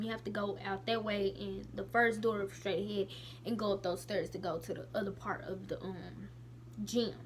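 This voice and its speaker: With slight background noise behind her, a young woman vlogger whose voice runs on the high side shares a personal tale. She's casual and animated, emotional throughout, and frequently goes off on asides.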